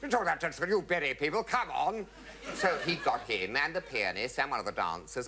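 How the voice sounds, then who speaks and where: A man's voice: on the low side, pushed and bright, slight background noise. A man telling comic stage anecdotes to a studio audience, theatrical, switching into swooping voices for the people he quotes. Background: audience laughter.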